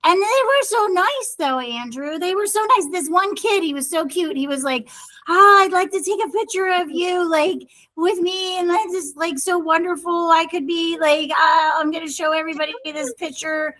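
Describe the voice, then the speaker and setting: A woman's voice: very high-pitched, moderate pace, fairly bright tone, low-quality recording. A middle-aged woman co-hosting a podcast, rambling cheerfully through a personal story in casual chat. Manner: chatty, rambling storyteller, often addresses her brother. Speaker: podcast co-host.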